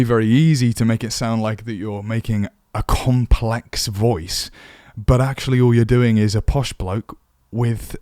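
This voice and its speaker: A man's voice: mid-range voice, darkish tone, no room sound, studio quality. A man teaching voice acting for tabletop games, chatty and self-deprecating. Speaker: dungeon master teaching voice acting. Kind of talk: casual tutorial.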